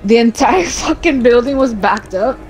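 A woman chatting with friends while gaming, in excitable, cheering banter. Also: on the high side, moderate pace, over music, rough recording. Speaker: gamer. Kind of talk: casual chat while gaming.

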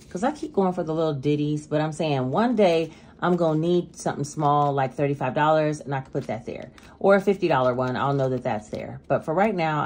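A woman's voice: low voice, darkish tone, slight background noise. A woman making a casual budgeting vlog, chatting with viewers and counting cash aloud as she stuffs binders. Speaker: budgeting vlogger.

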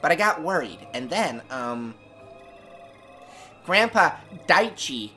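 A man's voice: fairly high pitch, very animated, takes it slowly, bright, forceful tone, soft background music, full character voice. A man voicing an earnest young girl with a lisp who is searching for her grandfather in a game.

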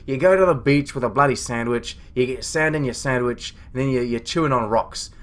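A foul-mouthed male starship captain rants in a web comedy log, acted by a man in his everyday voice. He rambles, swears freely and stays indignant about everything around him. His voice sits at a middle pitch. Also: fairly quick, close to an everyday voice. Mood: grumbling. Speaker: comedy web series creator.

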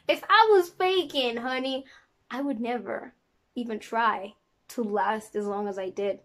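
A young woman from South Africa talking casually to camera in a sassy, animated way. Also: slow pace, pauses often, slight background noise. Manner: sassy and animated, talks with big pitch jumps. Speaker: vlogger. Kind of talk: casual vlog talk to camera.

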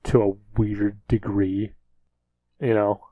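A man's voice: fairly low pitch, level tone, slow, narrow, tinny audio, crowd noise. A man cohosting a casual comedic podcast who asks joking questions and riffs at length.

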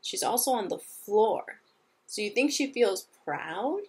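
A woman teacher giving a gentle, patient lesson to young children, asking them simple questions. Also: mid-range voice, expressive, measured pace, breathy edge.

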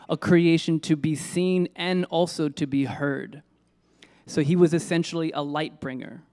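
A man whose voice is a little high and a little mellow talks casually about poetry in a lecture room. His lecture meanders as he muses aloud, restarting often and tossing questions and asides to the people listening.

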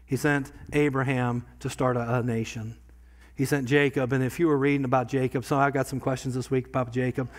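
A pastor preaching a sermon in a church, talking conversationally and swinging from quiet asides to loud bursts. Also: male voice, mid-range voice, flat delivery, a little fast. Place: church sanctuary.

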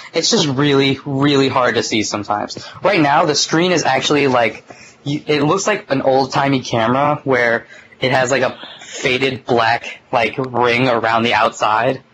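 A young man of middling pitch tells a story in a loose, rambling way, filling his sentences with "like" and the odd curse. It sounds like a relaxed chat recorded on a phone, with a faint hiss underneath. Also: low-quality recording. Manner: rambling, full of "like" and mild swearing. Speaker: podcast host.

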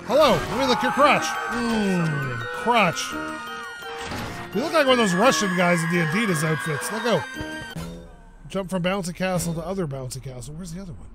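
A man with a high, light voice gives playful let's-play commentary. He rambles, jokes and yelps in sudden bursts. Clear game music plays behind him. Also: normal speed. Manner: excitable and jokey, yelps and rambles. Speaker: gaming YouTuber.

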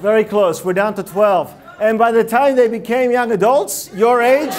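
A man with a noticeably high speaking voice delivers a TED-style talk from a lecture hall stage. He is animated and punchy, firing rhetorical questions at the live audience. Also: normal speed, a faint crowd. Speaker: public speaker.

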